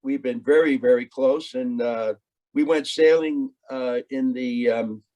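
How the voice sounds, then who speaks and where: A man with a mid-range voice talks casually in a chummy way. He pauses often and fills the gaps with "uh" as he tells a story. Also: mid-range voice, mellow. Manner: chummy, hesitant, many fillers. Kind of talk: casual conversation.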